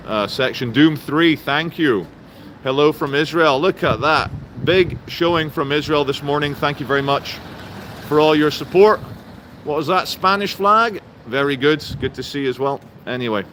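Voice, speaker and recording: Excitable man livestreaming outdoors. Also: fairly high pitch, moderate pace. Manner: excitable, lively greetings to chat viewers. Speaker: livestream host. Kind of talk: live-streamed political rant. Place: outdoors in a town. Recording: faint outdoor traffic noise.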